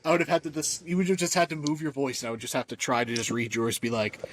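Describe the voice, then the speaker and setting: A man co-hosting a sports podcast in casual chat, listing rankings in an easygoing, quick-running way. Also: medium pitch, level tone, slight background noise. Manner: easygoing, lists rankings rapidly. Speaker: podcast co-host.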